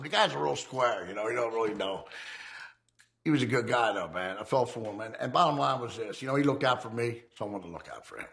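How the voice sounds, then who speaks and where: A man's voice: medium pitch, expressive, fast, gravelly, a bit bright. A man from the United States, a former outlaw biker, telling his story in a casual, profane, streetwise way and acting out the dialogue.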